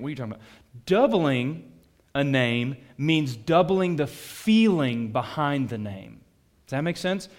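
A pastor preaching to his congregation with a fairly high voice. He talks like he's chatting with the room and keeps tossing them questions. His delivery jumps from loud, emphatic bursts to quiet asides. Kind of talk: sermon.

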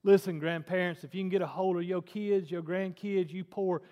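A man, preaching a sermon to his congregation, dropping to a hush and then rising to loud, emphatic appeals. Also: high voice, steady tone, moderate pace, lo-fi sound. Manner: emphatic preaching that swings between hushed and loud. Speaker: pastor. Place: church sanctuary. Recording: long reverb of a church hall.

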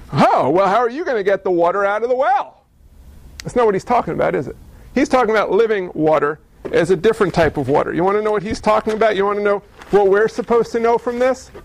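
High-pitched gravelly preacher, man. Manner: animated, rhetorical questions and jokes. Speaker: pastor. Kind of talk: sermon.

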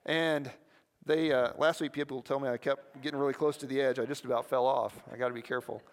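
A man preaching a sermon as pastor, lively and conversational, often prompting the listeners with questions. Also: medium pitch, fast talker. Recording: long hall reverb.

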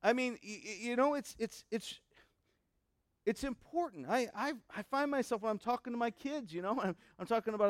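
A man's voice: very high voice, animated, fairly quick, no room sound, studio quality. A middle-aged man preaching a conversational sermon, asking the congregation questions with many fillers and restarts. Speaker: pastor. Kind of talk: sermon with a told joke.

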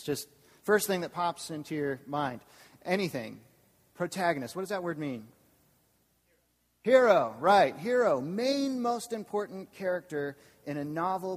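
A man preaching as a campus pastor, lively and engaging, often asking the congregation questions. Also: on the high side. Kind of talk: sermon. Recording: long hall reverb.

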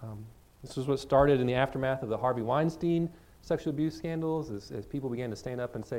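A man's voice: medium pitch, fast, a little mellow. A man preaching a sermon as pastor, speaking earnestly in a conversational way to his congregation.

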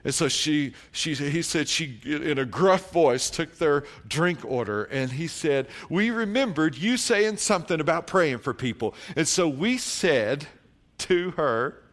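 A male pastor delivers a sermon in a fairly high, very lively voice. He drops into quiet, low reflection, then climbs into loud, slow, drawn-out declarations. He tells stories and quotes his church members. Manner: storytelling, quoting church members.

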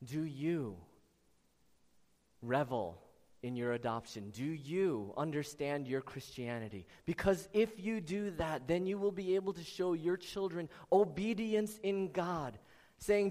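A man's voice: fairly high pitch, a little slow, darkish tone. A male pastor delivering an earnest sermon, speaking to members of his congregation by name. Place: church sanctuary. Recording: long reverb of a large church hall.

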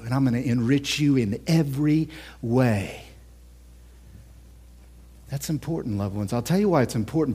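A man preaching a sermon as pastor, impassioned, swinging between loud, emphatic lines and hushed whispers. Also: on the high side. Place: church.

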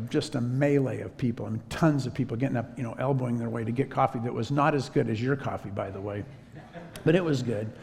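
A man preaching a sermon as a story, in a relaxed conversational way. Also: medium pitch, gravelly, long reverb tail. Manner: conversational, drops to a whisper when quoting himself.

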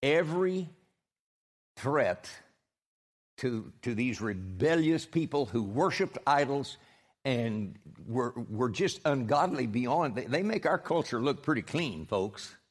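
A man's voice: medium pitch, expressive, takes it slowly. Emphatic male preacher with dry sarcasm. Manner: direct, emphatic, with dry sarcasm and repeated restarts. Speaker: pastor. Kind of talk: sermon.

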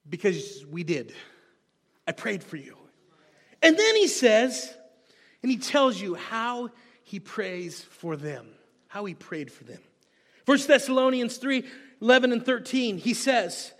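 A man preaching a sermon as pastor, swinging from hushed, quiet passages to shouted bursts. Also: high voice, animated, measured pace. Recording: long hall reverb.

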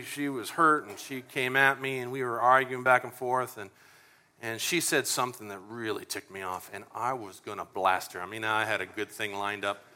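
Bright-voiced animated male pastor preaching. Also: mid-range voice, smooth. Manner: animated and conversational, acts out prayers and dialogue. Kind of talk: sermon.

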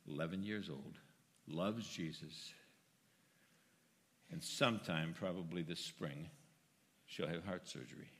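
An older man giving a personal testimony to his congregation, telling the story earnestly and moving between quiet and loud, emphatic passages. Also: low-pitched, measured pace, pauses often, in a large hall. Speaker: church member speaking to his congregation. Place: church sanctuary.

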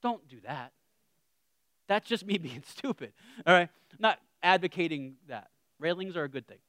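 Lively high-voiced man preaching casually. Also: moderate pace, no room sound, studio quality. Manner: animated, self-deprecating asides, trails off to near-mutters. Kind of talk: casual, humorous sermon.

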